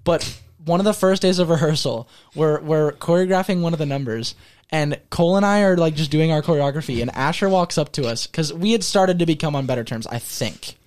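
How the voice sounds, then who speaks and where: A man's voice: fairly high pitch, fairly quick, a little mellow. A young man hosting a podcast, recounting old memories in casual chat with friends and laughing often. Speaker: podcast host.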